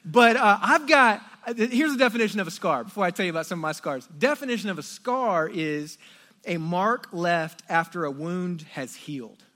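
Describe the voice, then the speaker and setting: Animated, bright-voiced pastor telling stories. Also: male voice, high-pitched, normal speed. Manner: animated storyteller, jokey, swings loud and quiet. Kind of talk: sermon with personal stories. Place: church auditorium before a congregation.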